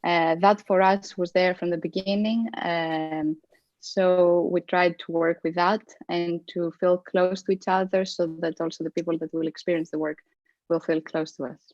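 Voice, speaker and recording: An emotional woman with a slightly low, breaking voice pauses and hesitates as she speaks. The sound is dry, muffled video-call audio. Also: flat delivery, darkish tone, dry recording. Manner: halting, with many fillers. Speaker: artist answering questions. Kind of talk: live-stream discussion.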